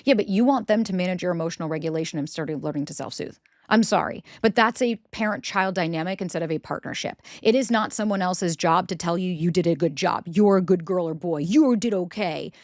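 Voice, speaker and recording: Speaking quickly in a lowish register, this woman podcast host gives relationship advice with emphatic bluntness and plenty of profanity. She performs the voices she quotes, and the candid monologue is recorded dry, without any room sound.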